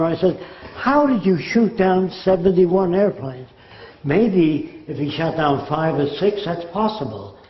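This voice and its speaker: A man's voice: fairly high pitch, reverberant, highs cut off. An older man giving an informal, argumentative lecture, now and then putting on accents for his examples. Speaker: speaker on his social project.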